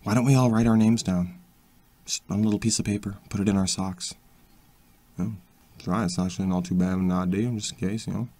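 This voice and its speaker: A low-voiced man swears his way through in-character role-play banter, often breaking off and starting his sentences again. The recording is dry and close, with no room sound around him. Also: steady tone, warm tone, no echo. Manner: profane, swears constantly; halting, with frequent restarts.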